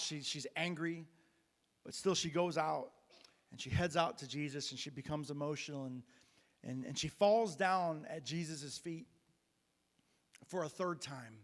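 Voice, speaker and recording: A pastor with a fairly high voice preaches a sermon in a church sanctuary, where the sound fills a big room. He retells a Bible story conversationally, often restarting and using fillers.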